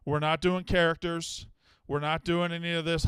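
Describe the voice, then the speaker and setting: A man's voice: on the high side, little pitch movement, normal speed, a bit bright, clear, resonant tone, dry recording, studio quality. A man hosting a live sports call-in show, blunt and profane, often exasperated with callers. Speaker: sports betting show host.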